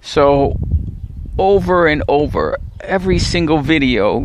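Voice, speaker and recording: A man's voice: medium pitch, lively intonation, a little slow, vocal fry, pauses often. A man hosting a religious video channel, speaking in a discouraged, pleading monologue full of stammered restarts and repeated appeals. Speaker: Bible teacher and channel host. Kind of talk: emotional religious vlog monologue.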